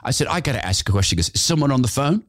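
A man hosting his own talk show, telling a personal story with lively delivery and acting out the voices of the people he quotes. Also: mid-range voice, rapid-fire, no room sound, studio quality. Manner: animated, acts out quoted voices. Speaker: radio show host. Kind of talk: storytelling monologue.

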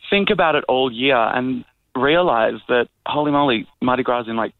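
A man's voice: medium pitch, normal speed, no room sound, narrow, tinny audio. Man, drag queen guest, camp playful, dry phone sound. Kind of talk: phone interview.

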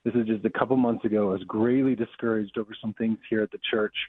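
Brief: male pastor guest, earnest and animated storyteller, tinny phone line, dry. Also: fairly low pitch, fast talker, husky, dry recording. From Colorado, US. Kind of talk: storytelling interview.

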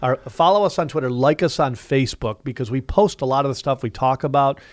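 A man's voice: mid-range voice, a little fast, no room sound. A man co-hosts a financial talk radio show, pushing plugs and slogans with salesman energy and climbing when he gets worked up. His voice sits in an everyday middle register, and the studio sound is close and dry.

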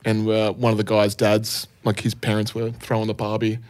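A man's voice: on the low side, completely flat delivery, normal speed, darkish tone. A man co-hosting a podcast, laid-back in casual chat, swearing freely. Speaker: podcast co-host.

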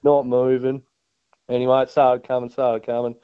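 A man's voice: medium pitch, flat delivery, normal speed, clear, resonant tone, no echo. A Tasmanian man with an Australian accent, telling a broad fishing yarn in casual chat. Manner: broad, yarn-spinning, says mate a lot. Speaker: guest angler. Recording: dull lo-fi dry sound.

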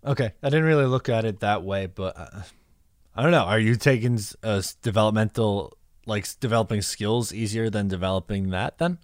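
A man co-hosting a casual hockey podcast, reacting quickly in a relaxed way. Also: lowish voice, no echo, clean studio sound. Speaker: podcast co-host.

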